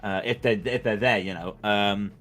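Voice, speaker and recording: A man's voice: fairly low pitch, steady tone, normal speed, a bit bright, faint music behind. A man commentating on a sim race in casual chat, rambling and joking with plenty of stammered restarts.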